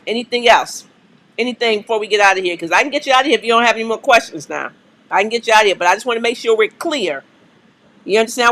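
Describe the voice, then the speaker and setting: A woman's voice: a little high, bright, forceful tone. A woman hosting a live stream, answering viewer questions in an emphatic, preacherly way and coaxing the audience again and again. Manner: emphatic, repeats "okay?" and "come on", coaxing the audience; preacherly call-and-response cadence.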